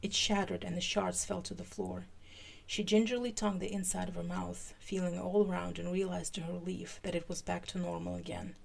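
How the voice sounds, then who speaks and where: A woman hosting a podcast, giving a live fan fiction reading with an animated delivery that turns halting in her asides. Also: lowish voice, gravelly.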